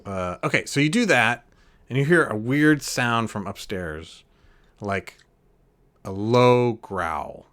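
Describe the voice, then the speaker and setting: A man narrating a tabletop game as its game master. His telling is loose and rambling, padded with ums and likes as he describes each room. His pitch sits in an ordinary middle range. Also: lively intonation, unhurried, a bit bright.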